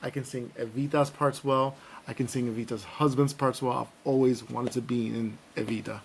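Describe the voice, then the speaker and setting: Gravelly, playful man hosting a podcast. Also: mid-range voice, normal speed, slight background noise. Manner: playful, animated, breaks into singing and impressions. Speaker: podcast host. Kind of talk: casual chat.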